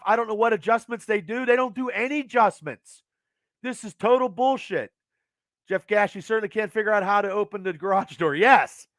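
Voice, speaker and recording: Male host at home, high sharp voice, cursing fast in angry outbursts, dry close sound. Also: no echo. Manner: profane, agitated, fast rants. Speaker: podcast host. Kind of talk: angry sports rant to live chat.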